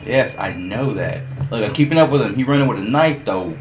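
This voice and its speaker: A man streaming a shooter game, swearing, laughing and reacting loudly as he plays. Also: mid-range voice, lively intonation, brisk, background noise. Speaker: gaming streamer. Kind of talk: casual gameplay commentary.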